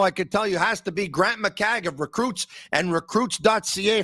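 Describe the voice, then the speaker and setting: Man, podcast host, excitable, high bright voice, dry close sound. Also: no room sound. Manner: excitable, sings and shouts bits, big pitch swings. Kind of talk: energetic sports talk.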